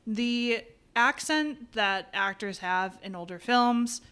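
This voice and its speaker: A woman's voice: a little high, takes it slowly, fairly bright tone, clear, resonant tone. A woman co-hosting a podcast, explaining film history and camera work in casual, thoughtful chat. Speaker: podcast co-host.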